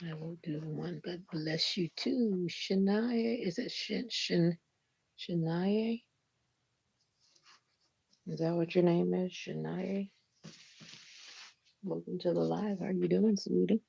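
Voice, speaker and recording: Lady doing a chill livestream, lowish gravelly voice, kinda stuffy like she's getting a cold, greets everyone by name. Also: slow, long pauses, dark tone. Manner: chatty, greets viewers by name. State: slightly stuffy, sounding like a cold. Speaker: livestream host. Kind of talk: casual live chat with viewers. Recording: dull lo-fi stream audio with faint noise.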